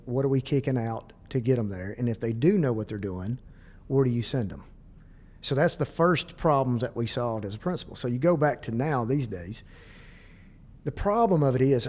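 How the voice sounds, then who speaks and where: A middle-aged man with a Southern US accent, speaking as a school district administrator in a casual podcast interview and acting out bits of dialogue as he tells stories. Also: medium pitch. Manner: animated, quick storyteller who acts out dialogue.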